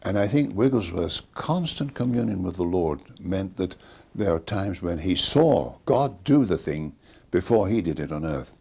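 Older male storyteller, low and husky, acts out quoted dialogue. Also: expressive, normal speed, warm tone. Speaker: interviewee recounting a preacher's ministry. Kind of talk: storytelling interview.

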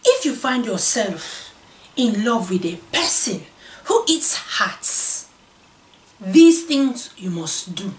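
A woman's voice: fairly high pitch, very animated. Woman putting on a West African poetry reciter. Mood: solemn. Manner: slow, measured, dramatic pauses. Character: solemn female poetry reciter. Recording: roomy echo, distant mic.

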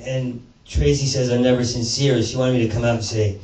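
A man's voice: mid-range voice, steady tone, brisk, a little mellow, slight background noise. Rambling profane man on a comedy stage. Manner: rambling, profane, self-interrupting. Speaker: stand-up comedian. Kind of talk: stand-up comedy set. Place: small performance space before a live audience. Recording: roomy live sound from a distant mic with crowd laughter.

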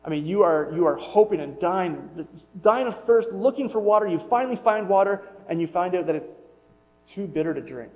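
A man's voice: high-pitched, animated, a little fast. Man preaching in a reverberant hall. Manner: conversational, self-correcting, wonders aloud. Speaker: pastor. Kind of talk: sermon. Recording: muffled sound with long hall reverb.

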